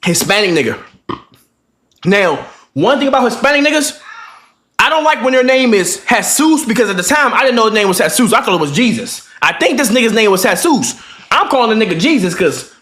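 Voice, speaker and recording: Young man, high voice with big pitch swings, profane storyteller, story-time vlog. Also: animated, quick pace, pushed and bright. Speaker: vlogger.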